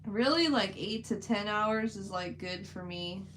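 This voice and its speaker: A chatty woman with a drawl talks loosely to her stream chat as she paints, filling her sentences with "like." Her voice sits at a middle pitch, and a faint hum runs underneath. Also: unhurried, a bit bright, poor audio. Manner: chatty, rambling, many "like" fillers. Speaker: livestream host. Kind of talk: casual livestream chat while painting.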